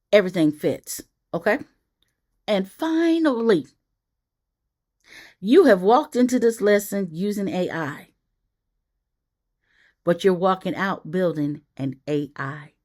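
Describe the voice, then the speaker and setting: Woman teacher doing an online class, emphatic, keeps repeating the main points and asking okay?. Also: medium pitch. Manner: emphatic, repeats key points, coaxing 'okay?'. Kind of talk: livestreamed lesson.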